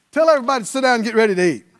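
Animated high-voiced preacher. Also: male voice. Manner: preaching with call-and-response, mimicking pleading prayers. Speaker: pastor. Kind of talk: sermon.

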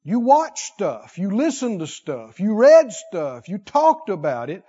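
A man preaching a sermon, animated, with call-and-response and comic asides. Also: high voice, takes it slowly, slightly rough, long reverb tail, muffled recording.

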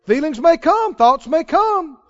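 A man preaching a sermon as a pastor, animated, laughing often and calling out to the congregation. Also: very high-pitched, a little slow, lo-fi sound.

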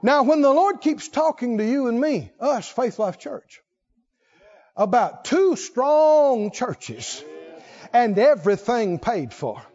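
Man, pastor, sermon, very high pitch, folksy storytelling, builds to shouting, muffled lo-fi sound. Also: sing-song, slow. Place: church sanctuary.

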